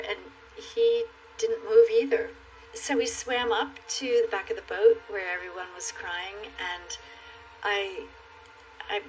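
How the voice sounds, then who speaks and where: Heartfelt, halting woman with soft music. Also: on the high side, poor audio. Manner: heartfelt, halting, repeats words. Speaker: interviewee recounting an encounter. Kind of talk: emotional documentary testimony.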